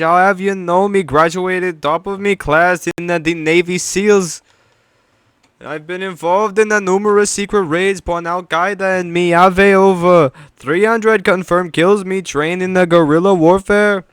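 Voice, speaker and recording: A man voicing a boastful male soldier type with a put-on Jamaican accent, shouting aggressive brags. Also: high-pitched, fairly even intonation, normal speed, smooth, no room sound, studio quality, voice pushed up. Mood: aggressive boasting.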